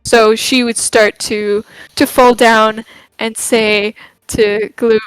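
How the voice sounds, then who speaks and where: A woman's voice: on the high side, flat delivery, takes it slowly, clean tone, no room sound, soft background music, rough recording. A woman playing a tabletop game, describing her character's moves with hesitant fillers. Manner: hesitant, full of fillers, laughing. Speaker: player. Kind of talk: casual play at a tabletop game.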